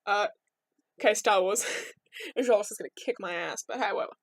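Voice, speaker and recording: A woman's voice: mid-range voice, moderate pace, no room sound. A young woman telling myths as a casual, rambling vlog story, full of irreverent asides. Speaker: vlogger.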